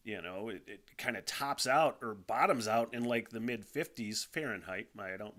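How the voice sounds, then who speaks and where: Bright-voiced, profane podcast host. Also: male voice, on the low side. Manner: rambling, profane, frequent sighs and laughs. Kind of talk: casual rambling monologue. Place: home studio.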